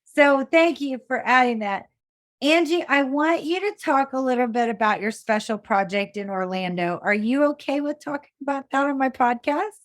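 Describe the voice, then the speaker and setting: A woman hosting a podcast interview, warm-hearted and chatty, often restarting her sentences. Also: high-pitched, moderate pace, dry recording, clean studio sound. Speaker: podcast host.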